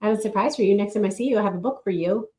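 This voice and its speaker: Relaxed, chatty woman podcast co-host. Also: medium pitch. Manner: chatty, unhurried, reads aloud from her own book. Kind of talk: casual chat.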